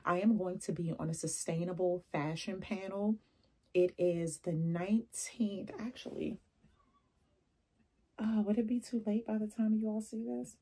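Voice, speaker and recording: A young adult woman vlogging casually, telling animated stories with laughs and asides. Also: medium pitch, unhurried, breathy edge. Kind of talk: casual chatty vlog.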